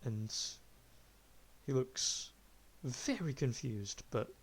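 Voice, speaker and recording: A man's voice: mid-range voice, lively intonation, drawn-out words, breathy edge. A man narrating a tabletop game as game master, in a casual, descriptive way. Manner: casual, descriptive, laughs often.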